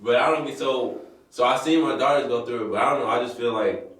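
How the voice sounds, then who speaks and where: A man co-hosting a casual podcast about fatherhood, talking in a relaxed, slangy way with loose run-on thoughts. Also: medium pitch, quick pace. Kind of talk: casual chat. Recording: very echoey room, distant mic.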